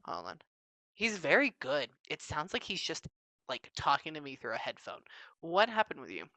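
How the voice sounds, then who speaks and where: A woman psychic medium giving a casual reading, talking fast and animated, quoting what spirits say. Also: sits low, no echo.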